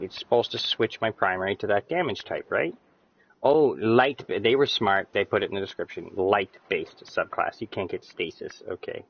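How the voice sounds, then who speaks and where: A man casually commenting on a co-op game he is streaming, excitable and swearing, breaking into loud yelps. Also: lowish voice, vocal fry, highs cut off, a little hiss or hum. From Canada. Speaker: gamer streaming co-op play.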